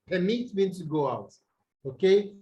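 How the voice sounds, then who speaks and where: A man tutoring students over a video call, explaining slowly and quizzing them as he goes. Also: high voice, expressive, lo-fi sound. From Nigeria. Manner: slow, deliberate, quizzes students. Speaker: English tutor. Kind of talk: online tutorial lesson.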